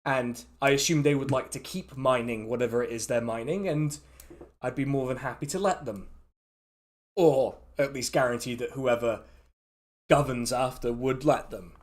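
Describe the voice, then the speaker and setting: A man, running a tabletop game as dungeon master, chatty and quick to laugh, often restarting his sentences. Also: mid-range voice.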